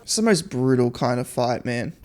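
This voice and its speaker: Young man reacting, animated pitch. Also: moderate pace, faint music behind. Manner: chatty, laughs often, animated reactions. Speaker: reaction video host. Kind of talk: casual film reaction commentary. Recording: film audio playing loudly behind. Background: film soundtrack.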